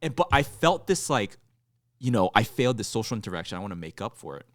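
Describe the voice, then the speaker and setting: Animated young man telling a story. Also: on the low side, fast, dry recording, studio quality. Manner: animated storyteller, acts out dialogue. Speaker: podcast co-host. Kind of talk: casual chat.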